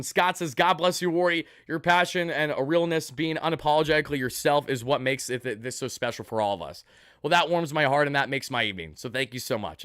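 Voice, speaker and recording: A man's voice: mid-range voice, a bit bright, dry recording, studio quality. A man hosting a live postgame stream, hyped and thanking donors one after another. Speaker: sports channel host.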